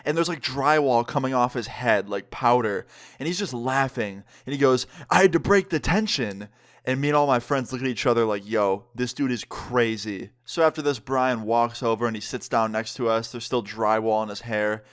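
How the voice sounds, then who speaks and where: A young man spins a wild story for his viewers at a middle pitch. He sounds animated and profane, leaning on "like" at every turn. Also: fairly quick, clear, resonant tone. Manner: animated, profane, heavy use of "like". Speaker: vlogger. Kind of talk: casual storytelling.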